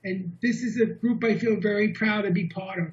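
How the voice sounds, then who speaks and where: Un orador con voz muy aguda que narra una historia con entusiasmo y seriedad; audio de reunión en línea, apagado y de baja fidelidad. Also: male voice, high voice, normal speed. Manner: animated, earnest storytelling. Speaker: guest speaker. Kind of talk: storytelling talk. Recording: dull lo-fi online meeting audio.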